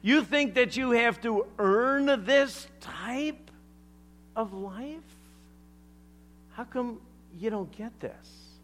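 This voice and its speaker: A man preaching who quotes a teacher figure, insistent and pleading, a little higher than his own talk. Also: drawn-out words, a bit bright, slight background noise, heavily acted. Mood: incredulous. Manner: pleading, insistent, faintly incredulous. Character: earnest, urging male teacher addressing a pupil.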